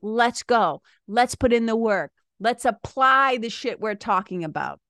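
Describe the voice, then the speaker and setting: A woman's voice: fairly high pitch, fairly bright tone, no room sound, clean studio sound. A woman podcast host and spiritual coach, talking casually in a blunt, joking way and laughing often as she acts out her clients.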